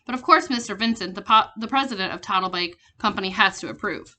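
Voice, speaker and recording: A woman's voice: mid-range voice, fast, pushed and bright, natural voice. A woman reading a polite young receptionist.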